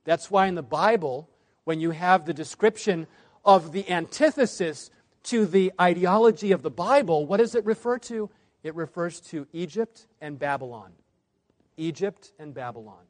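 A man's fairly high-pitched voice giving a sermon presentation to a congregation. He leans hard on key words and then lets the ends of phrases fall quiet. He sounds like a man in his forties from the United States. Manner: varies loudness widely, drops low at phrase ends. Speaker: preacher.

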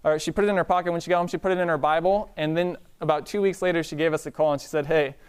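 A man preaching a sermon in a relaxed storytelling way, often asking the congregation "Amen?". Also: a little high, rapid-fire, clean tone. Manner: conversational, calls out "Amen?" to the congregation.

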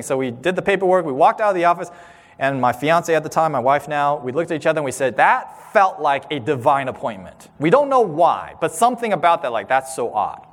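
A man in his thirties giving a sermon-style talk, telling a personal story with animated, acted-out voices. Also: on the high side, fairly quick. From Southern California. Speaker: speaker. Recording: long hall reverb.

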